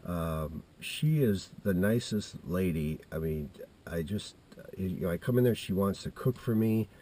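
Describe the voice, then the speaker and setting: A man in his fifties rambles through a personal story in a low, husky voice. His tone is dark and mellow, and he keeps restarting his sentences and wandering off into side details. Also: expressive, measured pace. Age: 50s. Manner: meandering, with many restarts and asides. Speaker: vlogger telling a personal story.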